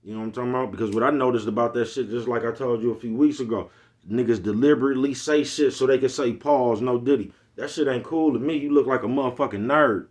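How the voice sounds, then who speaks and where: A man with an East Oakland accent talks straight to his viewers in a loose, profane rant. His pitch sits at an ordinary middle, and he keeps asking whether his listeners follow him. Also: quick pace. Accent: Bay Area Black American English. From East Oakland, California. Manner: blunt, profane street talk, repeats "you know what I'm talking about". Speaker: vlogger. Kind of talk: casual monologue.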